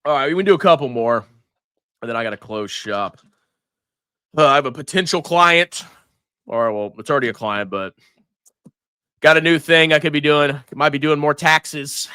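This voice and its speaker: A man hosting a finance livestream, ranting and mocking in an animated voice that swings between loud outbursts and mutters. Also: a little high, normal speed, pauses often, clear, resonant tone, dry recording, studio quality. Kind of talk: livestream rant and stock commentary.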